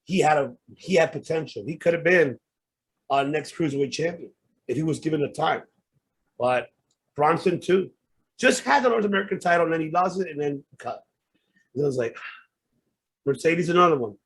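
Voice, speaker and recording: A man's voice: a little high, expressive, moderate pace, pauses often, breathy edge. A man hosting a podcast, ranting with heated, profane outbursts. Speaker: podcast host. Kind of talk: casual podcast rant.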